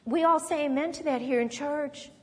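A woman preacher in a church, giving a sermon in an animated storytelling manner with conversational asides. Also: high voice, moderate pace, in a large hall.

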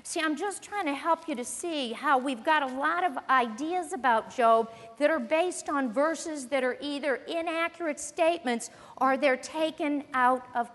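A woman's voice: sits high, fairly bright tone. A woman preaching a sermon, teaching earnestly and emphatically as she reads scripture aloud. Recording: long reverb of a large hall.

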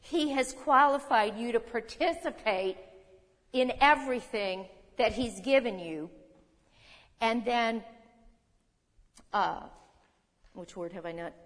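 A woman's voice: on the high side, slow pace, long pauses. Woman preaching in a reverberant hall. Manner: teaching, reading scripture aloud, asking the audience questions. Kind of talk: sermon.

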